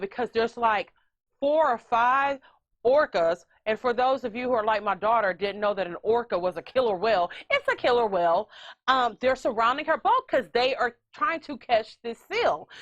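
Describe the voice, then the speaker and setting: A middle-aged woman hosting a podcast, telling a story with animated comic commentary and acting out voices. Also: sits high, normal speed. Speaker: podcast host. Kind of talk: casual comedic commentary.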